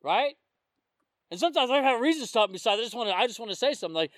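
A man with a fairly high voice delivers a casual sermon, telling stories from his work as a police officer. He keeps it conversational and keeps checking in with the room. The sound is close and dry. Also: lively intonation, quick pace, no room sound. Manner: conversational storytelling, often checking in with the listeners. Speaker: police officer sharing testimony. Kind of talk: informal sermon.

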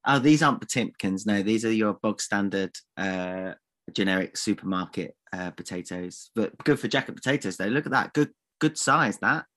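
A man's voice: fairly low pitch, animated, normal speed, a bit bright. Playful man tossing theatrical insults. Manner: playful, mock-outraged, fond of theatrical old-fashioned insults. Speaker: podcast co-host. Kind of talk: casual podcast banter.

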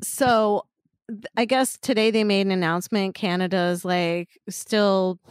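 A woman's voice: medium pitch, steady tone, a little slow, smooth, no room sound, studio quality. Rambling, swearing woman podcast host. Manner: rambling, swearing, laughing often. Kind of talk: casual chat.

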